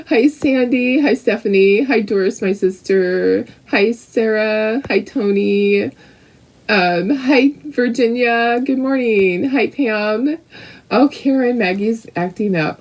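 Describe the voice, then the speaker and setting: Chatty husky woman craft teacher. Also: fairly high pitch, darkish tone, rough recording. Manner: chatty, greets viewers by name. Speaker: craft painting instructor. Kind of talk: casual live-stream tutorial.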